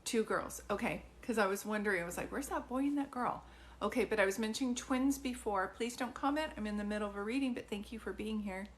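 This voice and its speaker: A woman doing live psychic readings for viewers, chatty and informal, filling pauses with ums and calling people sweetie. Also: mid-range voice, a little hiss or hum. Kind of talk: livestream chat with viewers.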